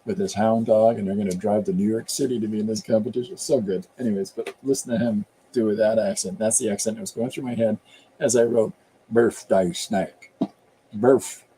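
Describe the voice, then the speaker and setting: A man's voice: on the low side, dark tone, a little hiss or hum, poor audio. A man chatting casually and rambling while he draws on a live stream. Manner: rambling and chatty, slips into voices. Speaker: artist streaming while drawing.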